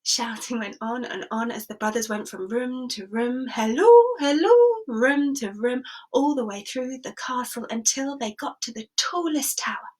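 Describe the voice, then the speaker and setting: A woman's voice: a little high, steady tone, normal speed, breathy edge. A woman storyteller telling a sensory story expressively, dropping into whispers and inviting listeners to join in.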